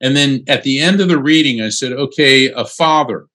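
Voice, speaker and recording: A man, a psychic medium and attorney, talking as an interview guest in a casual, animated storytelling way with frequent um fillers. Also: mid-range voice, moderate pace.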